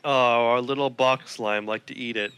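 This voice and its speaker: A young man with a mid-range voice that sounds bright and forceful, teasing his co-host in casual game commentary. His tone is smooth and resonant, and faint game music plays underneath. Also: mid-range voice, fairly even intonation, normal speed, no room sound. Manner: playful, teasing, easygoing. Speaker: let's play co-host.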